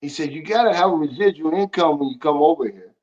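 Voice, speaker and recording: A man hosting a casual livestream, talking bluntly and lecturing his viewers as he answers their comments. His voice sits a little high for a man. The audio is dull and lo-fi. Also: quick pace, darkish tone. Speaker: livestream host.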